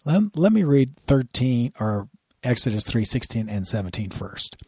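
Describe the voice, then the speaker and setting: A man's voice: mid-range voice, very animated, moderate pace, a little mellow, husky, dry recording, clean studio sound. A man giving a sermon-style Bible lesson, earnest and often repeating words as he starts a phrase. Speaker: Bible teacher.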